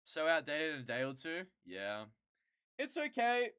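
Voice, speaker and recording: Bright, crisp-voiced streamer chatting casually. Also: medium pitch, animated, no echo, clean studio sound. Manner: rambling, profane, quickly gets worked up and loud. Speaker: streamer answering chat. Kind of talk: casual chat with viewers.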